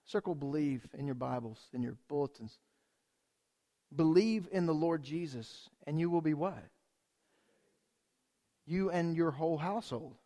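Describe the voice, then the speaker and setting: A man preaching a sermon in a church, conversational and energetic, asking the congregation rhetorical questions. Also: a little high, a little slow, long pauses. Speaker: pastor.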